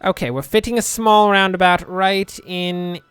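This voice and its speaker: A man's voice: high-pitched, steady tone, measured pace, a bit bright, smooth, no room sound, faint music behind. A young man casually commentating his gameplay, rambling and joking, muttering asides to himself at a home desk microphone. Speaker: let's play host.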